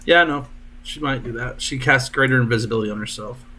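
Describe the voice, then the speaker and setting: A man as dungeon master, narrating combat turns with brisk, jokey asides. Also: medium pitch, bright, forceful tone.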